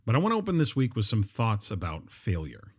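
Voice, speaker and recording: A middle-aged man hosts a podcast on his own, speaking in a fairly low voice. He talks in a relaxed, conversational way, with plenty of ums and uhs between his thoughts. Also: a little fast, slightly rough. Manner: conversational, with frequent fillers and restarts. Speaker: podcast host. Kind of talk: solo podcast monologue.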